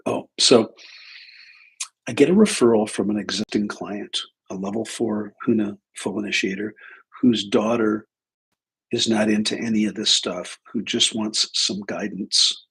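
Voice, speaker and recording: A man's voice: lowish voice, fairly even intonation, unhurried, creaky, fairly bright tone, slightly rough, low-quality recording. A man hosting a livestream as a spiritual teacher, telling a story casually, often breaking off mid-sentence. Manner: rambling, self-interrupting, acts out dialogue.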